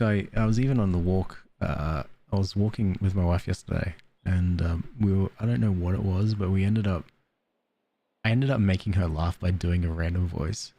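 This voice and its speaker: This Australian man has a low-pitched, dark-toned voice as he streams a cozy game. It's casual let's-play chat, full of giggles while he reads game letters aloud.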